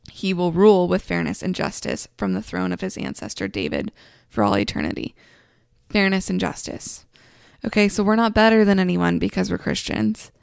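A woman hosting a faith podcast, speaking earnestly and conversationally, easing into a soft, slow guided meditation. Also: medium pitch, creaky, no room sound, clean studio sound. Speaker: podcast host. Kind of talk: devotional podcast talk.

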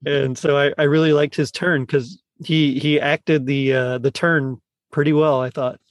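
A man's voice: on the high side, level tone, unhurried, no room sound, studio quality. Chatty man hosting a podcast. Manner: rambling, many fillers and restarts. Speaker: podcast host. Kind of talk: casual chat.

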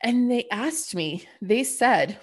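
A woman's voice: fairly high pitch, animated, slow pace, slightly rough. Blunt, chatty woman podcaster. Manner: chatty, full of "like" and "you know"; blunt and profane. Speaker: podcast host. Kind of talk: casual spiritual monologue.

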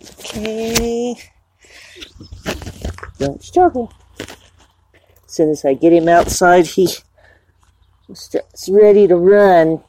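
A woman casually chatting in a morning vlog, talking to her cat in a high coaxing voice. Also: slow, long pauses, dark tone, a little hiss or hum. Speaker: vlogger. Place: at home and outdoors. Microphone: clip-on microphone.

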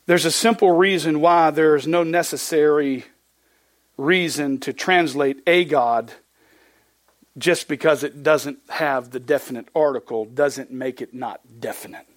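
In a dry recording, a pastor with a higher-pitched, unhurried voice delivers an expository, verse-by-verse sermon. He reads scripture aloud with mounting emphasis, then slips into plainspoken, folksy asides.

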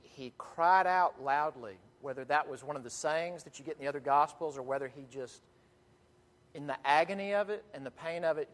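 A man preaching a sermon in earnest, emphatic tones, with dramatic pauses and frequent restarts, in a church sanctuary. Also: a little high. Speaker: pastor. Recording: long hall reverb.

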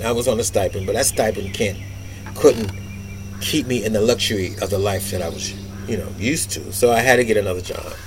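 A man, casually telling stories from his younger years in a lively, colloquial, wry way, often repeating himself. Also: lowish voice, slight background noise. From New York City. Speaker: podcast host. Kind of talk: casual storytelling monologue.

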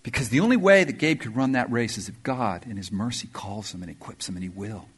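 A man preaching a sermon to his church congregation, energetic and emphatic, with punchy exclamations. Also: on the low side, quick pace, husky. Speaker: pastor. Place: church service before a congregation.

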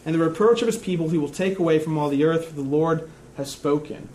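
A man preaching a sermon in a church, earnest and measured, dropping to a hushed tone in reflective stretches. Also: on the high side, slight background noise. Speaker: pastor.

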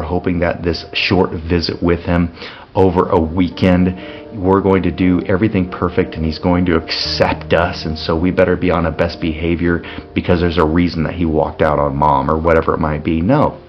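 A man giving an unscripted, conversational devotional talk as a pastor, full of asides and fillers and slowing to read scripture. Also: deep voice, muffled recording. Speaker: podcast host, pastor.

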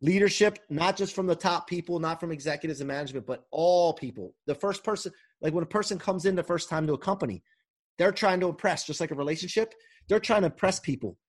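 A man's voice: a little high, fast talker. A man who coaches people, talking casually and eagerly from home as a podcast guest, rambling and restarting often. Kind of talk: casual interview talk. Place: home during quarantine.

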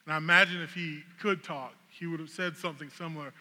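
A man, a pastor, telling a funny, animated story as a sermon illustration. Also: a little high, fast talker, few pauses. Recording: long reverb of a large hall.

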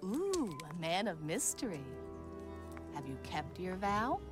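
An actress voicing a playful young woman teasing her former fiancé in an animated film. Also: fairly low pitch, slow pace, music in the background. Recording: film clip with score underneath.

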